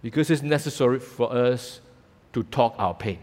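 A man's voice: mid-range voice, normal speed, darkish tone. A man preaching a sermon, telling the story animatedly with casual fillers and acting out voices. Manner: casual local fillers like "lah" and "ah". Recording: reverberant hall.

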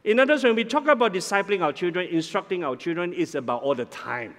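A man preaching as the senior pastor of a church, animated, often repeating words and asking "all right?" as he goes. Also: high voice, quick pace. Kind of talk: sermon. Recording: long reverb of a large hall.

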